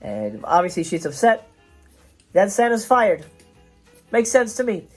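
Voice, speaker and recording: A man's voice: high voice, sing-song, measured pace, soft background music. A man hosting a casual film review show, talking in a chatty, rambling way with lots of fillers and restarts.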